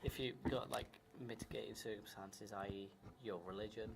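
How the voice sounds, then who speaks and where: A young man co-hosting a podcast in casual chat, chatty and quick to swear and laugh. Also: lowish voice, steady tone, vocal fry, rough recording. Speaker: podcast co-host. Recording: faint background noise.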